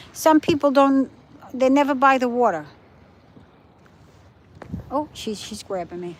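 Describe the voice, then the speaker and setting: A woman's voice: on the high side, slight background noise, low-quality recording. A middle-aged woman chatting casually to livestream viewers on her phone while walking her dog by the ocean at night. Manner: chatty, points things out to viewers. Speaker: livestream host. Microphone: phone held while walking.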